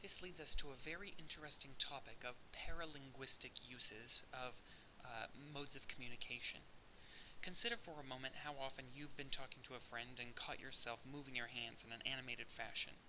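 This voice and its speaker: Bright-voiced man giving an audio lecture. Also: mid-range voice, fairly quick, rough recording. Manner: explanatory, with occasional fillers and restarts. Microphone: audio-only recording. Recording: faint hiss.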